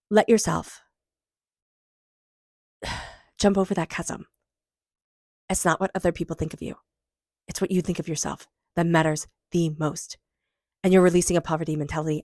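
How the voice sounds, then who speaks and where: A woman gives an intuitive tarot reading, speaking emotionally and earnestly as she encourages the listener. Her voice sits a little low. The recording is close and dry, with no room echo. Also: steady tone, normal speed, pauses often, darkish tone. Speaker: tarot reader.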